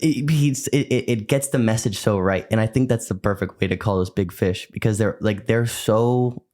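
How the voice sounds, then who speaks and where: Deep, mellow-voiced podcast host. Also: male voice, moderate pace. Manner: enthusiastic, filler-heavy. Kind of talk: casual interview chat.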